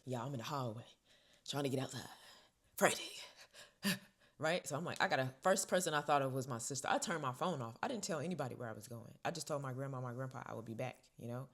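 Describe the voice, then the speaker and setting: A young woman vlogger telling a personal story in a casual, expressive way, dropping to hushed whispers and rising to loud bursts. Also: extremely low pitch, fast talker.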